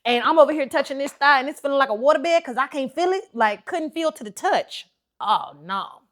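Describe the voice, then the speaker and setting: A woman hosting a podcast, telling a personal story in a lively, chatty, informal way full of slang and acted-out dialogue. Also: high voice, a little fast. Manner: animated, chatty retelling with lots of quoted dialogue. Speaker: podcast host.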